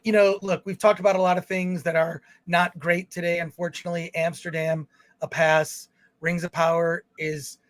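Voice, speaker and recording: High-voiced man reading viewer comments. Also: dry recording. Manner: chatty, reads comments aloud with fillers and restarts. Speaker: film review show co-host. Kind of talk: casual livestream chat reading viewer comments.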